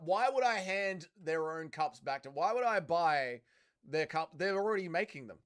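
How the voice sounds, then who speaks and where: Man, Australian accent, young adult, livestream host, blunt, joking, animated pitch. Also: moderate pace. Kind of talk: casual watch-along chat, reading viewer comments.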